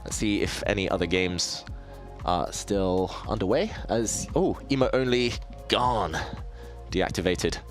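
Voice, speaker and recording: Low-pitched and a little slow, this man from southeast England streams his chess games with faint music behind him. He thinks aloud and chats casually with viewers, often poking fun at himself as he plays.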